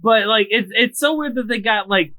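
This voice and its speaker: A man co-hosting a podcast in casual chat, mostly chiming in with short reactions and quick jokes. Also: high voice, bright, forceful tone, no room sound. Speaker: podcast co-host.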